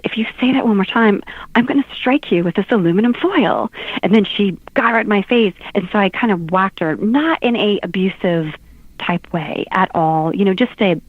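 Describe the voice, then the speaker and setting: Animated woman on a tinny line. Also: fairly low pitch, no room sound. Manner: animated storyteller, laughs often. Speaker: guest author. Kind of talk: casual talk-show chat.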